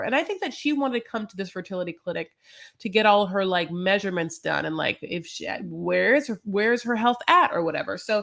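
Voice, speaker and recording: A woman's voice: mid-range voice, lively intonation, brisk, gravelly, bright, forceful tone. Podcast girl rambling on, like, you know, laughing a lot, mid voice. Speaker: podcast co-host recapping a reality show. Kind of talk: casual chat.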